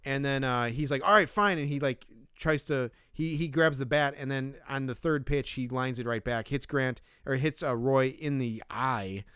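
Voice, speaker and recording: A man's voice: medium pitch, normal speed, hardly any pauses, clean tone, no room sound, studio quality. A man co-hosting a casual podcast, recapping a movie scene by scene, laughing often and acting out the characters' lines. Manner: animated, laughs often, acts out quotes. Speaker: podcast co-host.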